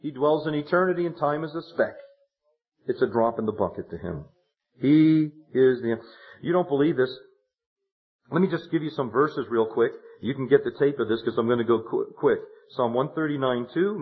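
A man preaching a sermon, retelling a counseling story, animated and swinging from hushed words to loud exclamations. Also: medium pitch. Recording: dull lo-fi sermon tape.

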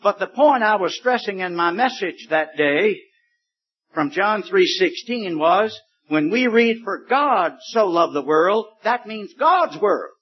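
A man preaching a sermon, slow and deliberate, stretching words for emphasis. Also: sits high, expressive, husky. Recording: dull lo-fi recording.

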